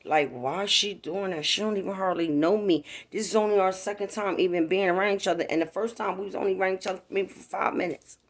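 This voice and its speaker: A woman's voice: medium pitch, fast, few pauses. Chatty, profane woman telling a story. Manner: profane, chatty, talks straight to viewers. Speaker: vlogger. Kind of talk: casual storytime. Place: home, indoors.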